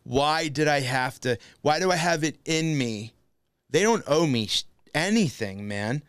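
A man hosting a casual comedy podcast, telling a self-deprecating story with lively energy and acted-out outbursts. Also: fairly high pitch, unhurried, clean tone, no echo, studio quality. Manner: animated, self-deprecating storyteller, acts out his own shouts. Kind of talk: casual chat.

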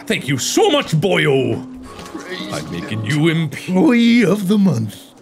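A man putting on Mr. Krabs, gravelly old sea crab. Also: a little high, wildly swooping pitch, takes it slowly, music in the background, heavily acted. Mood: pleased. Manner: hammy nautical slang. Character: gruff greedy old crab restaurant boss, pirate-talking.

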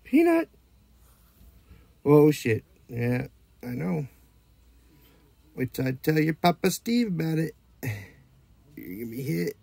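A man's voice: a little high, animated, measured pace, creaky, pauses often, mellow, slightly rough, no room sound. A man teasing and playfully scolding his dog in casual chat at home. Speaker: dog owner filming his pets.

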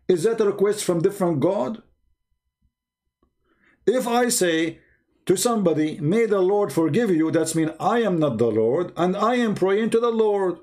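A man's voice: high-pitched, a little mellow. A man hosting a mocking religious commentary, speaking sarcastic, incredulous English with broken grammar. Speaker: host.

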